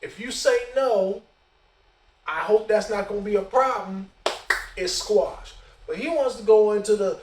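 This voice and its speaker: A man hosting a casual storytelling podcast, animated and profane in a conversational way. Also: sits high, unhurried, long pauses, a little hiss or hum. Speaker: podcast host. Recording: roomy echo, distant mic.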